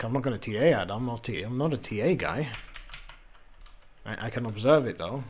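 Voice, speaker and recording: A man's voice: medium pitch, fairly quick. A man hosting a crypto trading channel, casually talking over charts and reading out viewer messages, loose and chatty with plenty of ums and uhs.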